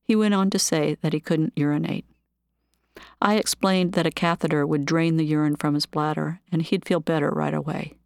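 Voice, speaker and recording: Woman, memoir reading, nurse recalling patients, calm measured delivery, lowish voice, dry close sound. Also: vocal fry, no room sound. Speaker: nurse narrating her own story.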